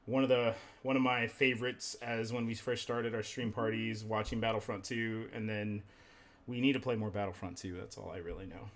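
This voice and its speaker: A man's voice: lowish voice, flat delivery, normal speed, fairly bright tone. A man hosting a casual live gaming podcast, rambling loosely with lots of filler words and casual swearing. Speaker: podcast host and streamer.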